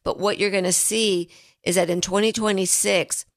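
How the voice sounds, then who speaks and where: A woman's voice: mid-range voice, steady tone, normal speed. A woman financial advisor hosting a radio talk show, telling stories in an earnest, chatty way. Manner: storytelling, earnest. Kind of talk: casual radio chat.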